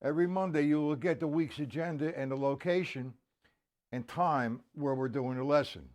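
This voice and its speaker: A man's voice: on the high side, normal speed, a little mellow. A man teaching a live-streamed drum lesson in a casual way. He greets viewers by name and counts beats aloud. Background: drums and music.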